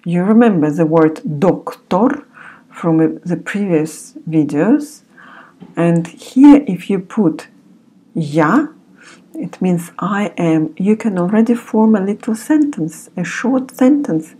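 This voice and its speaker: A woman with a Russian accent teaching a language lesson, pronouncing each word slowly and repeating it several times. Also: on the low side, animated, dark tone, breathy edge.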